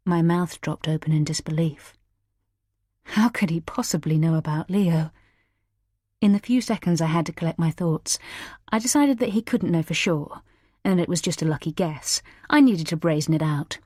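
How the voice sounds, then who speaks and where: Woman reading a tense thriller, lowish voice, dry sound. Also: normal speed, dry recording. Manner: tense, dramatic, shouting in character lines. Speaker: audiobook narrator. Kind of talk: first-person thriller narration.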